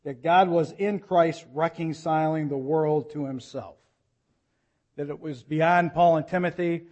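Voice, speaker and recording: Pastor, male, fairly high voice, earnest sermon delivery with urgent appeals. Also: darkish tone, lo-fi sound. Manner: earnest preaching, reads scripture slowly, rises to urgent appeals.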